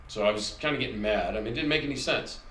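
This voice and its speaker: A man's voice: on the low side, racing, bright, forceful tone, slight background noise. A middle-aged man hosting his channel, telling a personal story in a rambling, conversational way and correcting himself as he goes. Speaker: channel host. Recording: echoey room recording with faint ambience.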